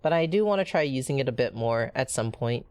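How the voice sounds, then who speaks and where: Woman, streamer, low pitch, lively intonation, excitable, casual let's-play chat. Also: fairly quick, clear, resonant tone. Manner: excitable and animated.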